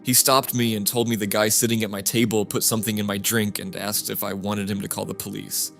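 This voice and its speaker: A man reading first-person stories aloud as scripted narration, in a steady, flat reading manner. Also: lowish voice, fairly quick, vocal fry. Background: music.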